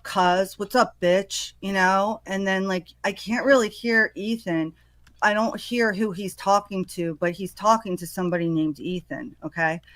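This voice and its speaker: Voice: medium pitch, a bit bright, no echo. Guest, casual discussion, chatty, filler-heavy, dry sound. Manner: talkative, many "like" fillers.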